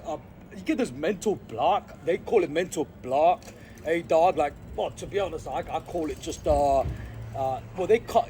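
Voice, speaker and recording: Man vlogger from Sri Lanka, slangy and rambling, fairly high voice, outdoors with faint traffic. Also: darkish tone. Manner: slangy, rambling, repeats "hey, dog" and "I gotta be honest". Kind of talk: rambling casual vlog monologue. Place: outdoors in an urban spot.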